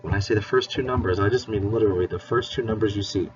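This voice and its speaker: Man teaching kids math, low voice. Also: quick pace, distant mic. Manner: encouraging, playful, spells words out. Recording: dull lo-fi recording with faint hiss.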